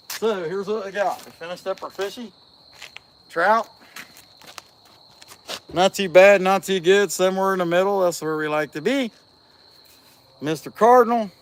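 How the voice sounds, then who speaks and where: A fairly high-voiced man, chatting loosely on a livestream while he works. He rambles in a folksy way, telling stories and answering viewers as they come in. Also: a bit bright. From Southeast Ohio. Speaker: chainsaw carver and livestream host. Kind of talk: casual livestream chat reading viewer comments.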